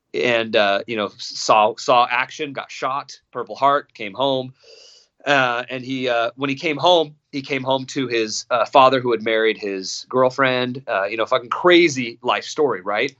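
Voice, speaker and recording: A man's voice: medium pitch, a bit bright. A young man telling a personal story in casual podcast talk, swearing often and restarting sentences, with a slightly dull sound. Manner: profane, emphatic, many restarts and repetitions.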